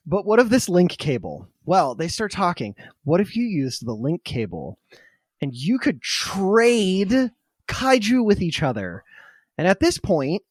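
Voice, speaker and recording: A man hosting a podcast, telling a story in a casual, animated way and laughing easily. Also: a little high, no room sound, studio quality.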